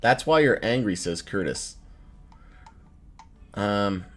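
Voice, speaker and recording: Loose, profane man in his thirties, lively pitch. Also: takes it slowly, soft background music. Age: 30s. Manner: loose, profane, laughs often, swings between joking and irritated. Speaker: livestream host reading chat. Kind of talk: casual live stream chat.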